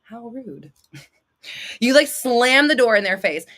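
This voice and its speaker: Woman, late thirties, livestream host, blunt and swearing, bright forceful tone. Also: medium pitch, lively intonation, normal speed. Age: 30s. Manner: blunt, swearing, laughing, dramatic outbursts. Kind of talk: livestream chat answering viewers.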